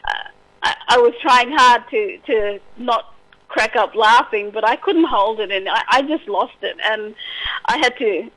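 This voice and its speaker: A woman's voice: fairly high pitch, a little slow, a bit bright, low-quality recording. An Australian woman from Western Australia, a poet reading her own verse and then chatting hesitantly, with many fillers, as a guest on an interview show. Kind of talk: poetry reading and casual interview chat.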